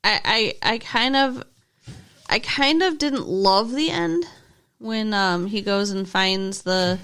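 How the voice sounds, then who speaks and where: A woman's voice: medium pitch, animated, slow pace, fairly bright tone, clean tone. A woman co-hosting a movie podcast, chatty and opinionated, often laughing along. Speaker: podcast co-host. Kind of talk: casual movie review chat.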